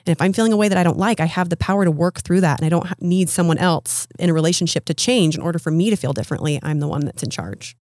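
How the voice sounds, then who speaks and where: A woman's voice: lowish voice, racing, few pauses, a little mellow, no room sound, clean studio sound. A woman in her thirties speaking as a podcast guest, explaining her ideas in an earnest, coaching way. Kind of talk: casual interview conversation.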